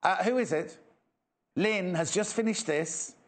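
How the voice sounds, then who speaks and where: A man's voice: sits high, unhurried. A man from England presenting a live sewing shopping show, chatty and enthusiastic with self-mocking asides. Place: TV studio.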